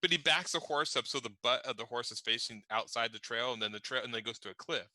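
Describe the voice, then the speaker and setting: A man's voice: mid-range voice, fast, sharp tone, no room sound. A man chatting on a stream, telling self-deprecating gaming anecdotes and laughing through them. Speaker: panelist. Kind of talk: casual chat.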